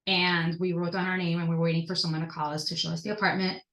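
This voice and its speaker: A woman in her thirties telling personal stories as a podcast guest, animated and jumping up in pitch when she stresses a point. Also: fast talker. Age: 30s. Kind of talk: personal storytelling in conversation. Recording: echoey room.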